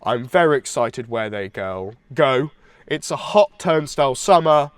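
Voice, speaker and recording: A man's voice: mid-range voice, expressive, a little slow, clear, resonant tone, no echo. A man co-hosting a podcast, chatting casually and enthusiastically about music, sounding congested from hay fever. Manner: enthusiastic, rambling with restarts. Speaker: podcast co-host.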